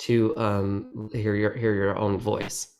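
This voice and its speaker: A man's voice: on the low side, little pitch movement, slow, a little mellow. A middle-aged man chatting as a guest in a podcast interview, meandering and self-deprecating. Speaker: guest actor. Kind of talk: casual interview chat.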